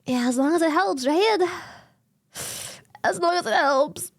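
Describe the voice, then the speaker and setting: Young female streamer, high and lively voice, giggly and casually profane, dry close-miked sound. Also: measured pace, dry recording. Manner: giggly, swears casually, animated reactions. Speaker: livestream host.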